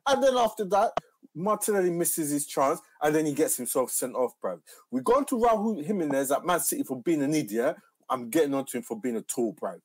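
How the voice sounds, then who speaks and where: Slangy London man, lively pitch. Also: brisk, no room sound. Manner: slangy, insistent, repeats questions. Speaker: football pundit. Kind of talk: heated football argument.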